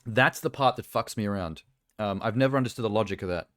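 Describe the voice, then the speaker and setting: A man's voice: lowish voice, fast, a bit bright, no echo, studio quality. A man streaming live, chatting casually in a rambling, ranting way and laughing at himself. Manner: rambling, ranting, self-amused.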